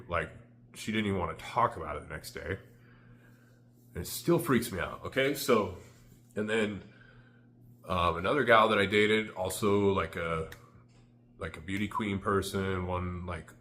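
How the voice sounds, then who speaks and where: A man's voice: deep voice, moderate pace, bright, forceful tone, a little hiss or hum. A man telling a candid, rambling personal story to the camera, full of "like" fillers. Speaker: vlogger.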